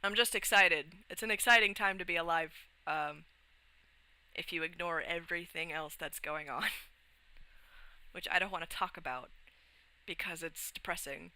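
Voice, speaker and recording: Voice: medium pitch, moderate pace, pauses often, bright, forceful tone, smooth, low-quality recording. A young adult livestreamer chatting casually and rambling, with frequent restarts, swearing and laughs. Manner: laughs often while talking.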